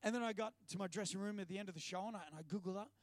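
Racing along in a high voice, this male preacher, who also presents on TV, spins animated stories through his sermon and tosses in jokey asides. The recording has no echo.

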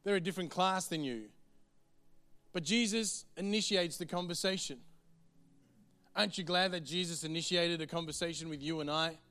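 A man's voice: on the high side, pushed and bright, smooth. A man preaching a sermon in an earnest, conversational way. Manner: earnest, conversational, quick to the point.

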